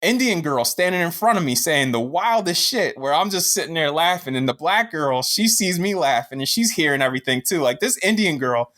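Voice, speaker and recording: A man's voice: a little high, brisk, few pauses. A man co-hosting a podcast, telling a rambling, profane story in casual chat. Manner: profane, rambling, animated retelling. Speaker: podcast co-host.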